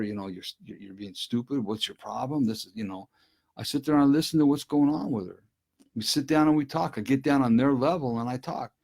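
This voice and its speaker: A man's voice: mid-range voice, darkish tone. A middle-aged man speaking earnestly and directly to listeners on a casual live stream from his desk at home. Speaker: recovery speaker.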